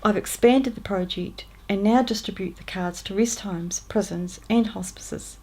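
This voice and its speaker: A woman's voice: medium pitch, a little slow. A woman with a New Zealand accent reading aloud her own letters, in a chatty, upbeat way. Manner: warm, chatty letter-reading with lively lifts on greetings.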